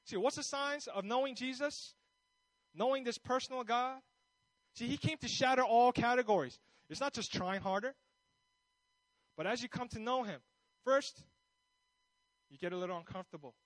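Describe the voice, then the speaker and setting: Male pastor preaching a sermon: high voice, dry close recording, lively and repetitive storytelling. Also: normal speed, long pauses, no echo, rough recording. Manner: animated storytelling, repeats words, acts out voices.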